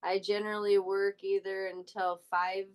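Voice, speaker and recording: A woman's voice: medium pitch, level tone, moderate pace, clean tone. A woman, a tabletop game player, talking through her work schedule in casual chat with hesitant restarts.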